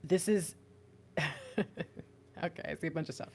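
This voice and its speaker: Low-voiced excitable woman reading tarot. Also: slow pace. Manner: rambling, excitable, breaks into laughs. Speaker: tarot reader.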